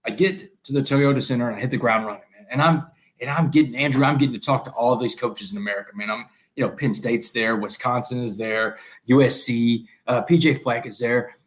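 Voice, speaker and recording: A man's voice: medium pitch, a little fast. A middle-aged man from Texas, telling stories as a guest in an interview, often adding "man" and acting out dialogue. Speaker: guest, motivational speaker. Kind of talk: animated storytelling in an interview.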